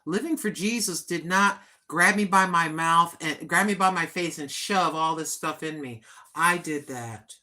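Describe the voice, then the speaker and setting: Older woman, livestream host, talks plainly and earnestly; bright, slightly low voice. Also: a little slow. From United States. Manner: plain-spoken, chatty and earnest. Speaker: vlogger. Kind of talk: casual livestream chat.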